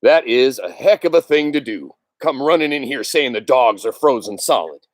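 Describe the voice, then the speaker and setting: A gruff, deep-voiced hunter , as a man reading a novel puts him on, growling his words. The voice is close and dry, with lively shifts of pitch. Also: moderate pace, dry recording, natural voice. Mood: indignant.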